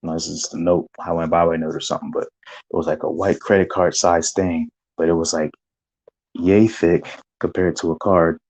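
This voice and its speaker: Husky man recounting a vision, low-voiced. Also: moderate pace, poor audio. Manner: animated storytelling with reenacted gasps and shouts. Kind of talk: vision testimony.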